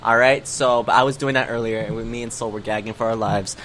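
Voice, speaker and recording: A man's voice: mid-range voice, steady tone, quick pace, fairly bright tone, a little hiss or hum. A man co-hosting a casual gaming podcast, chatty and rambling, with lots of fillers and restarts. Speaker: podcast co-host.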